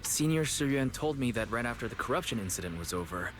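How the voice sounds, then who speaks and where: An actor playing a polite, thoughtful junior disciple in a game. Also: male voice, medium pitch, lively intonation, quick pace, fairly bright tone, soft background music, natural voice. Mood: earnest. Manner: polite, reasoned. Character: earnest young male junior disciple, thoughtful. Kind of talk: game voice acting.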